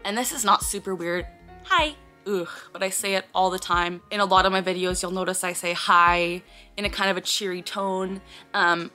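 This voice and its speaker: A woman's voice: fairly low pitch, flat delivery, fairly quick, pushed and bright, faint music behind. A woman talking casually to camera as a vlogger, earnestly explaining, often breaking off with sudden blurted words and sighs.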